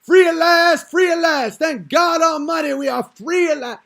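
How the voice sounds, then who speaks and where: A man doing an impression of a male preacher giving a shouted, drawn-out speech. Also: very high-pitched, gravelly, pitched above the performer's own voice, full character voice. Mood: rousing. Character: booming male civil rights preacher, impression.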